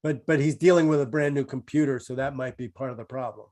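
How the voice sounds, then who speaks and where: A man's voice: medium pitch, quick pace, darkish tone. A male comedian on a video call, chatting casually in a rambling, self-amused way with lots of fillers. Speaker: comedian guest. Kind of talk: casual chat.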